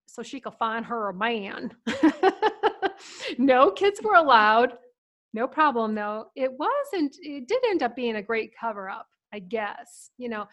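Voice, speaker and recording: Brief: middle-aged woman storyteller, casual and lively, fairly high voice. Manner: chatty, animated, laughs often.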